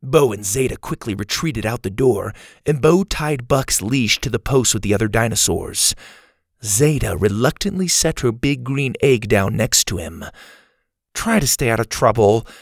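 A man narrating a children's adventure audiobook in a steady storytelling manner. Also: medium pitch, measured pace, vocal fry, dry recording, clean studio sound.

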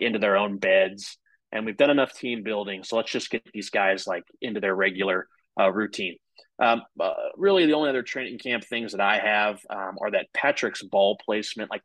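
A man's voice: lowish voice, a bit bright, no room sound, poor audio. A man co-hosting a casual sports podcast, talking in a loose, rambling way full of "like" and "uh" and swearing freely. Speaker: podcast co-host.

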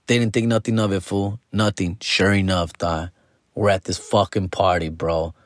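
A man's voice: deep voice, fairly even intonation, moderate pace, no echo, clean studio sound. A young adult man telling a casual anecdote, slangy and profane, constantly tossing in fool and dude. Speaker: storyteller.

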